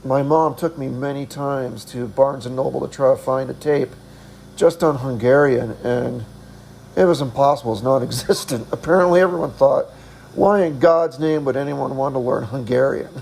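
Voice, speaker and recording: A man's voice: medium pitch, gravelly, a little mellow, a little hiss or hum, low-quality recording. A middle-aged man telling a travel story in a casual, rambling way, chuckling often and poking fun at himself. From United States. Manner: chuckling, self-deprecating, rambling. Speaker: vlogger.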